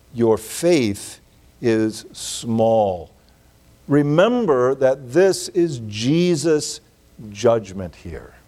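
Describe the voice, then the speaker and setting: A man delivers a sermon in a slightly high-pitched voice. He speaks earnestly and with emphasis, and he slows down to press home the points that matter. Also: darkish tone. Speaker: pastor.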